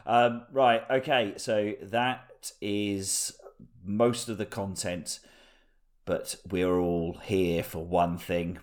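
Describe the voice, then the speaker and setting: A man's voice: sits low, steady tone, very slow. Dry teasing man running the show. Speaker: podcast co-host. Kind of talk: casual banter among friends.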